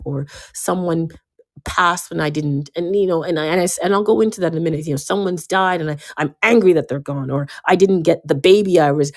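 A woman giving a casual motivational talk, emphatic and given to repeating herself, swinging between loud bursts and quiet asides. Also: lowish voice, brisk. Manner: emphatic, often repeating and restarting words. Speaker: speaker giving a self-help talk.

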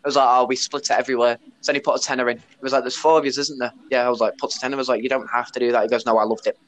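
A man's voice: medium pitch, little pitch movement, very fast. A man tells a story on his podcast, blunt and casual. He swears freely and retells what people said. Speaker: podcast host; bar worker.

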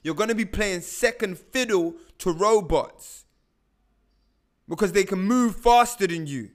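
A man's voice: high-pitched, measured pace. A young man giving a casual motivational monologue in a slangy, emphatic way, often repeating his phrases.

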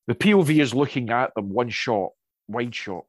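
A man chatting casually and telling anecdotes, lively, with many restarts and asides. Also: medium pitch, normal speed, dry recording. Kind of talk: casual chat.

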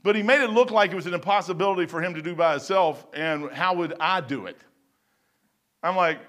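A man preaching a sermon in a folksy, rambling way, swinging between loud bursts and quiet asides. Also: high-pitched, animated, a little fast. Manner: folksy and rambling, with stumbles and chuckles.

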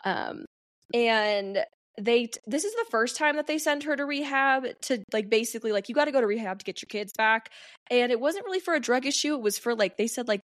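A woman's voice: a little high, animated, fairly quick, fairly bright tone, dry recording, studio quality. A young woman hosting a podcast, casually recapping a book with lots of "um" and "like". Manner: chatty, frequent "um" and "like", reads quotes aloud. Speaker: podcast host.

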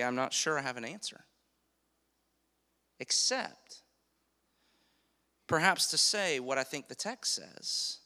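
A man preaching a sermon as pastor, emphatic, slowing down on key phrases and asking the congregation questions. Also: fairly high pitch, sharp tone, long reverb tail.

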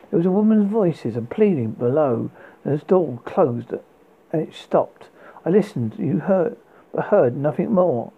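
Gravelly man reading a memoir haltingly. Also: on the high side, phone-quality sound. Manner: halting reading with frequent stumbles and restarts. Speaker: reader.

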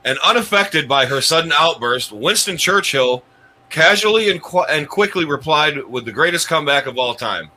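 A man's voice: on the high side, animated, moderate pace, sharp tone, a little hiss or hum, rough recording. A man hosting a comedy countdown show, rambling with restarts and chuckling at his own jokes. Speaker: host.

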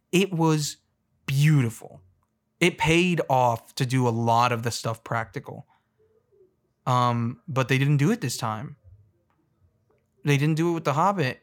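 A man rants in a loose, jokey way, tripping over his words and restarting as he gets worked up. His voice sits a little high for a man. He sounds excitable and rambling. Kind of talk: casual comedic rant.

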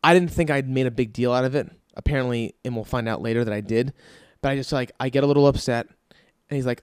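A man's voice: medium pitch, fast, clear, resonant tone, no room sound, studio quality. Profane, ranting man telling a story. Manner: animated, profane, ranting delivery. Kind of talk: comic storytelling.

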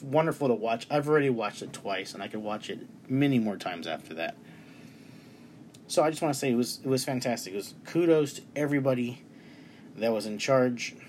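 Sitting in his bedroom, a thirty-something reviewer rambles enthusiastically and emotionally about a film he loved, often restarting his sentences. His medium-pitched voice has a darkish tone, and there's slight background noise.

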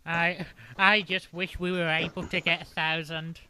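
A man co-hosting a podcast in casual chat, talking slowly with a mild stutter. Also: a little high, flat delivery, a crowd in the background. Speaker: podcast co-host.

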